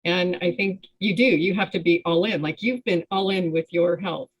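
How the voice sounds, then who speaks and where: Woman joining a video call, gushing and halting, slightly low voice, casual chat. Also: breathy edge, poor audio. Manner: gushing, halting, many restarts. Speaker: challenge participant.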